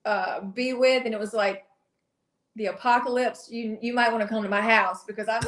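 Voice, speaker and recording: A woman's voice: fairly high pitch, moderate pace, roomy sound. A young woman from South Carolina with a heavy Southern accent, a country singer chatting as a guest in a bubbly, gushing way with frequent laughs. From South Carolina, USA. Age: young adult. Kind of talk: casual interview chat.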